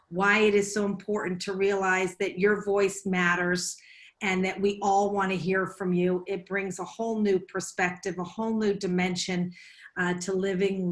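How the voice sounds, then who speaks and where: An American woman moderating a panel over a video call, effusive and full of thanks. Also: mid-range voice. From United States. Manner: warm, effusive, wrapping up with thanks.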